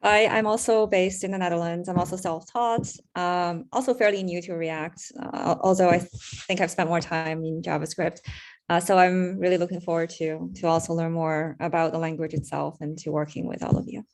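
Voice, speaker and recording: Low-voiced, matter-of-fact woman. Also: steady tone, brisk, a little mellow. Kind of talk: self-introduction in an online meeting.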